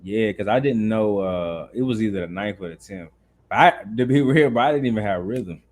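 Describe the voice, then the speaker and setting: Man, Southern accent, from North Carolina, podcast guest, animated storyteller, slangy talk. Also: lowish voice, a little fast. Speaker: guest, dancer. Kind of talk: casual interview chat.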